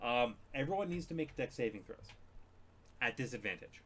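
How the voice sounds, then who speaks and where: A man's voice: medium pitch, animated, normal speed, crowd noise. A man running a tabletop game session as dungeon master, casual and laughing, swearing freely.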